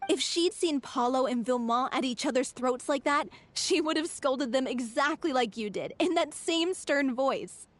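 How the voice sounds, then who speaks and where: An actress playing a kind, nostalgic young woman in a theatre troupe who speaks in a gentle, fond way in a video game. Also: high-pitched, moderate pace, close to an everyday voice.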